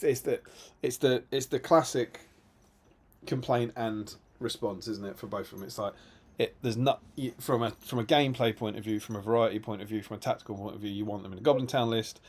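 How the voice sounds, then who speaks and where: A man's voice: lowish voice, a little mellow. Rambling male stream co-host. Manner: rambling, self-interrupting storyteller, reads chat aloud. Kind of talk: casual live-stream chat.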